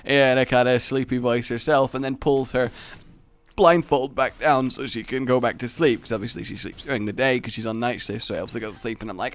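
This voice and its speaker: A man's voice: medium pitch, quick pace. A young man commentating on a game while telling a funny personal story, acting out his own sleepy voice and laughing often. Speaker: gaming commentator. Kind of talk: casual anecdote over gameplay.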